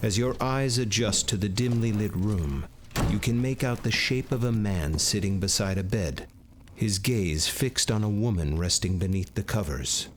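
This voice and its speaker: A man giving measured second-person scripted narration for a game. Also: fairly low pitch, expressive, slight background noise.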